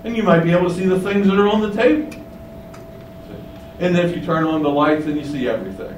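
A man's voice: fairly high pitch, quick pace. Emphatic male preacher in a roomy hall. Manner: emphatic preaching with rhetorical questions. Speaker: pastor. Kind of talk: sermon. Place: windowless room. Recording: roomy, distant mic, faint hum.

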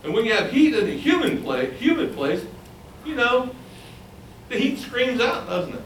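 Speaking at a moderate pace in a very high voice, a man delivers a lively sermon, asking the audience questions and performing other people's voices. There's a little hiss or hum, and the sound is roomy and far off with faint ambience.

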